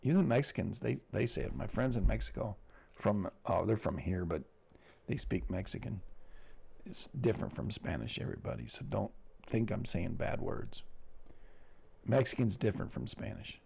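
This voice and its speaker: American guy doing a laid-back space weather show, low gravelly voice that swings up and down a lot. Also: lively intonation, normal speed, dark tone. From United States. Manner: loose, rambling, chuckles between remarks. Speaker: host of a space weather report. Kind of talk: casual livestream commentary.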